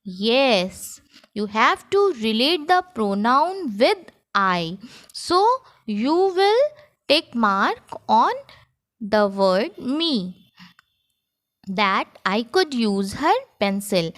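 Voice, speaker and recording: A woman teacher with an Indian English accent, talking children through a grammar lesson in a slow classroom manner. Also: fairly high pitch, very animated, a bit bright, no echo, studio quality. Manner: slow, sing-song classroom delivery. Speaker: school teacher.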